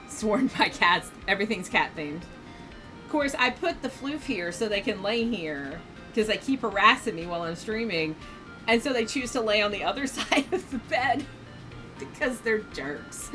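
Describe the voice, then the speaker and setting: A woman's voice: mid-range voice, expressive, normal speed, over music. A woman streaming a game from home, chatting casually with her audience. She rambles with many fillers and pokes fun at herself. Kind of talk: casual live-stream chat while playing a game. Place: home room, seated on her bed. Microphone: streaming microphone.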